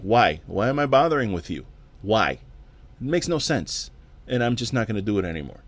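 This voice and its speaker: A man's voice: lowish voice, very animated, brisk. A man hosting his own podcast, ranting alone in a profane, exasperated way and often repeating words. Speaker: podcast host. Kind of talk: casual solo rant.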